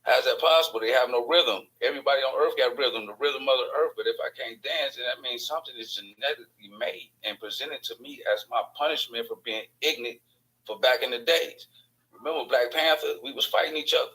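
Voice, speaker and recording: Man, Chicago accent, rambling casual monologue, cussing, tense bright tone. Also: mid-range voice, rough recording. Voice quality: profane, digressive, fast-moving storytelling. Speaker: host of an online channel.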